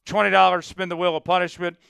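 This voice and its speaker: A man's voice: high-pitched, level tone, fast, creaky, bright, forceful tone, clear, resonant tone, no echo, studio quality. A man hosting a live sports stream, hyped and pleading with viewers, with bursts of mock outrage. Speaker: livestream sports show host. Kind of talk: casual live-stream chat.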